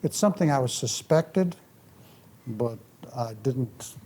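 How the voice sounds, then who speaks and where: A man, a former ambassador, giving a public talk and answering questions, with lively storytelling and a restless manner. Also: mid-range voice, slow, slightly rough. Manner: animated storytelling, restless, moves around.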